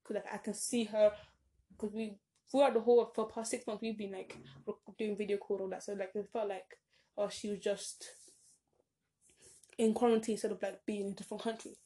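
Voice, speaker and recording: A young woman, possibly a teenager, vlogs casually to the camera, rambling and interrupting herself with countless "like"s and bursts of dramatic emphasis. Her voice is medium-pitched and dark, fairly flat in pitch, and brisk.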